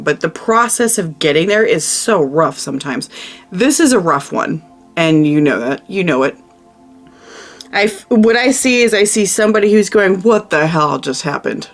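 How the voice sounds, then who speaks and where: A woman giving a casual tarot reading, chatty and emphatic, who often repeats her phrases. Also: lowish voice. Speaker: tarot reader.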